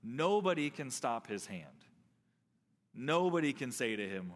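A man preaching a sermon as pastor, earnest, leaning on slow emphatic stresses. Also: medium pitch, big pitch swings. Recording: long hall reverb.

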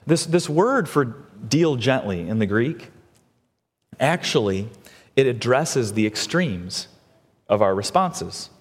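A man preaching a sermon as pastor, animated, acting out the voices of the people he describes. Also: medium pitch. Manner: animated, acts out voices of others. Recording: long hall reverb.

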